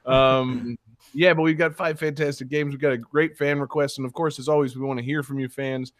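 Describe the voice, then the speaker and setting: A man's voice: mid-range voice, steady tone, brisk, no room sound, studio quality. A man co-hosting a podcast, rambling in casual joking banter, laughing often and swearing freely. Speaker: podcast co-host.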